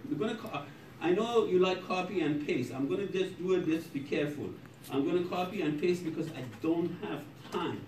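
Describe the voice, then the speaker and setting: A man lecturing a programming class in a non-native English accent, joking with students in broken English. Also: a little high. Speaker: programming professor. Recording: echoey classroom from far off with noise.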